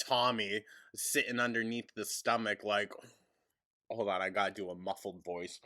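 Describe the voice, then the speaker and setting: A man's voice: fairly low pitch, flat delivery, moderate pace, sharp tone. A man hosting a mocking reaction commentary, sarcastic and snarky, often breaking into laughter. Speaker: commentary host.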